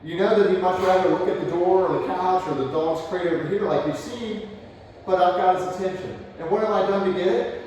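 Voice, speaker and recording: A man working as a dog trainer, explaining each step calmly during a live demonstration and breaking off to praise the dog. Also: high-pitched, brisk, distant mic, slight background noise. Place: indoors in a home. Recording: echoey room, voice picked up from afar.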